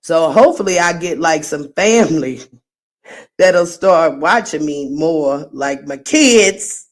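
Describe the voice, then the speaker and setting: A woman's voice: low voice, expressive, slow. A middle-aged woman hosting a livestream, chatting casually and telling meandering stories in a friendly way. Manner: chatty, warm-hearted, meandering storyteller. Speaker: livestream host.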